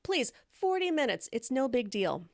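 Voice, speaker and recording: A brash, fearless party girl, as a woman puts her on, blurting out lines in a pitched-up, loud voice. The tone is gravelly, and the sound is close and dry with no room around it. She is gleeful and reckless in every line. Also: very animated, moderate pace, dry recording. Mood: giddy. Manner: gleeful, loud quoted outbursts.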